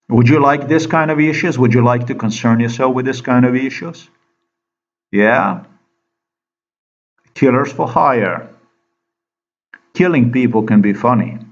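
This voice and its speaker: A man's voice: medium pitch, highs cut off. A man delivering a rambling, agitated monologue, firing questions at the listener and repeating himself. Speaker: vlogger.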